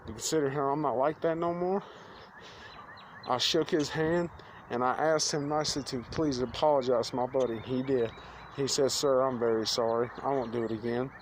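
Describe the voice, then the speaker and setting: A young man, telling a story to camera in a plain-spoken, earnest way. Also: mid-range voice. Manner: plain-spoken, earnest, quotes others in conversation. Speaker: vlogger. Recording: faint outdoor street noise.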